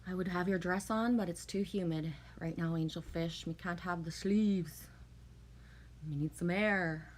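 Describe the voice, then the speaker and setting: A woman with a lowish voice speaks a little slowly as she hosts a casual stream, chatting emotionally with her live audience and answering the comments she reads out. A faint hiss or hum sits under the recording.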